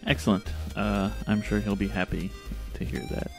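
A man's voice: on the low side, flat delivery, normal speed, soft background music. A man playing a tabletop game, talking casually with some hesitation. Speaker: player.

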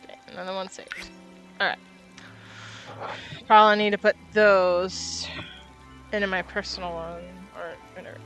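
A woman's voice: medium pitch, steady tone, normal speed, pauses often, a bit bright, faint music behind. A woman streaming a video game, chatting casually and muttering to herself as she plays. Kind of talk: casual gaming stream commentary.

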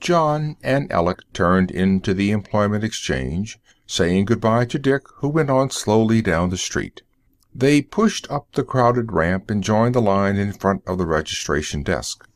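A man reading a story aloud for English learners, in a measured storytelling manner. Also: on the low side, expressive, dry recording, clean studio sound. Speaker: narrator.

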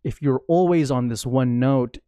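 A man's voice: mid-range voice, moderate pace, dark tone, clear, resonant tone, dry recording. Dry-sounding casual podcast host, a man. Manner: rambling, many "like" fillers and restarts. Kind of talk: casual conversation.

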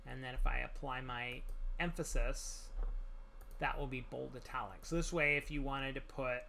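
A man talking through a software tutorial as he works, relaxed, with many pauses and fillers. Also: mid-range voice, gravelly, slight background noise. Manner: relaxed, many ums and restarts while working. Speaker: tutorial instructor. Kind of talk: screen-recorded software tutorial.

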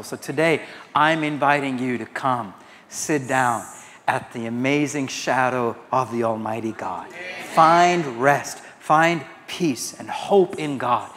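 A man's voice: mid-range voice, measured pace, fairly bright tone, in a large hall, slight background noise. A man from India preaching a sermon as pastor, quoting scripture and telling anecdotes to his congregation. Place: large church hall.

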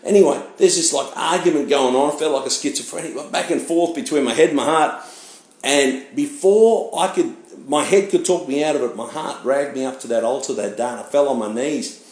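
A man, a pastor giving his testimony in animated storytelling, acting out the voices of people he met. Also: medium pitch, a little fast. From Australia. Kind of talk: personal testimony sermon. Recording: echoey room.

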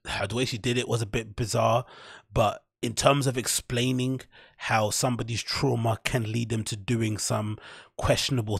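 Husky man, casual podcast talk. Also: fairly low pitch, no echo, studio quality. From London. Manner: rambling, tags lines with "right?". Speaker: podcast host. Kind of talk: casual commentary.

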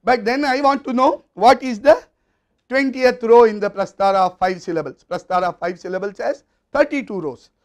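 A man's voice: very high-pitched, normal speed. A man with an Indian English accent giving a university lecture, explaining step by step in a methodical way.

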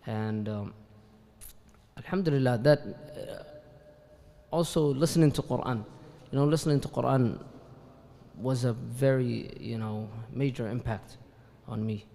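Man from Qatar, panel guest, gravelly voice, hesitant code-switching, long hall echo. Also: medium pitch, measured pace. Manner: relaxed, hesitant, mixing Arabic fillers into his English. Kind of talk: casual talk at a live event. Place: event hall at an Islamic centre.

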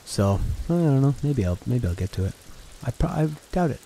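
A man's voice: mid-range voice, big pitch swings, moderate pace, vocal fry, dark tone, slight background noise. A man streaming a video game, chatting casually about games and reading his chat aloud while he plays. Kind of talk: casual gameplay commentary. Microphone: desk mic through an audio interface.

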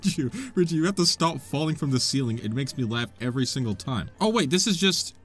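A man's voice: mid-range voice, animated, fast talker. A young man giving let's-play commentary, self-mocking and joking while he talks to the game characters. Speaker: gaming YouTuber.

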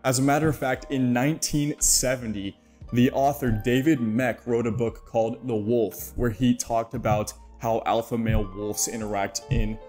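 A man's voice: mid-range voice, steady tone, moderate pace, a little mellow, faint music behind. A man narrating his own video essay in a playful, jokey way, with mock-dramatic asides.

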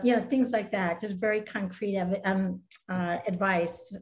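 A woman on a video call chatting quickly and animatedly in an interview, with laughing asides. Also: medium pitch, reverberant. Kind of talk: casual interview chat.

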